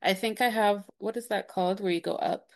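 A woman's voice: mid-range voice, fairly even intonation, fairly quick, creaky. A young woman from Ohio, a radio producer, answering interview questions thoughtfully, with frequent "like" and "um" and rising, question-like endings. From Cincinnati, Ohio.

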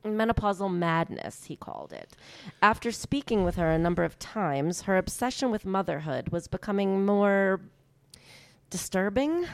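An actress playing a gravelly, anxious school head. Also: mid-range voice, sing-song, moderate pace, dry recording. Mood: confessing. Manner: earnest, pleading. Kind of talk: audio drama acting.

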